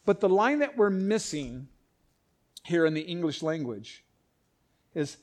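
A man teaching a Bible passage in a conversational sermon, animated and acting out the voices, often breaking off and restarting. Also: a little high, a little slow, long pauses.

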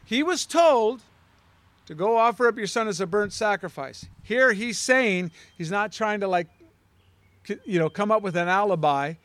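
A man's voice: sits high, expressive, a little slow, fairly bright tone, dry recording. A man teaching a Bible study in a conversational way, putting questions to his listeners.

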